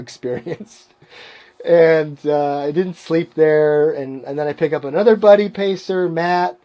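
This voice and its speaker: A man with a slightly higher voice tells his story in a loose, rambling way. He is casual and self-mocking, and he laughs at his own mistakes. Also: a little mellow. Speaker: podcast guest.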